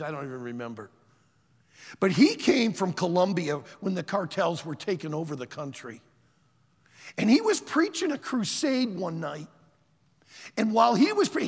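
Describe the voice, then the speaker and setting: Animated older preacher with a gravelly voice. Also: male voice, high voice, in a large hall. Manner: animated, dramatic storytelling. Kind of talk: sermon storytelling.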